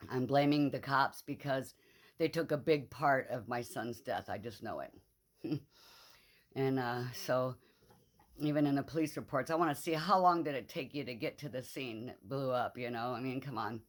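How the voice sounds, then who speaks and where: A woman's voice: extremely low pitch, normal speed, dry recording. A middle-aged woman in a casual vlog monologue, grieving and angry, rambling bluntly and swearing freely. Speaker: vlogger.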